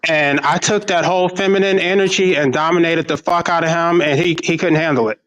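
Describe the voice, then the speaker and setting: A man with a slightly higher voice than most men, talking in a casual online panel. He speaks candidly and emphatically and swears freely. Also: fairly quick, a bit bright, lo-fi sound. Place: online video call.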